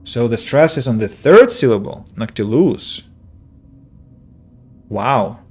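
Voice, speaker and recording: A man's voice: medium pitch, big pitch swings, normal speed, breathy edge. Chatty man streaming a game. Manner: chatty, rambling, answers chat aloud; self-correcting, filler-heavy. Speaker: game streamer and English teacher. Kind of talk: casual let's-play commentary.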